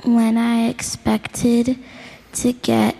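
A woman's voice: on the high side, monotone, extremely slow, warm tone, breathy edge. A woman giving short, hesitant answers in an interview.

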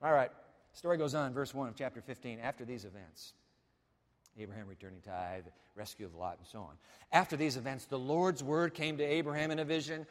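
A man preaching a sermon as pastor, animated, swinging from loud declarations to hushed asides. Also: a little high, normal speed, long reverb tail.

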